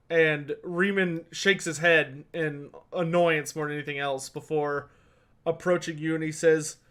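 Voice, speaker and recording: Man, game master, high-pitched casual tabletop narrator. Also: a bit bright. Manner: casual, filler-heavy narration.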